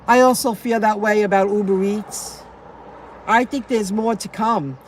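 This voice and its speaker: Talking into her phone from a parked car, this middle-aged delivery driver live streams in a mid-range voice, with a little hiss or hum in the audio. She answers viewers casually, rambling and repeating herself.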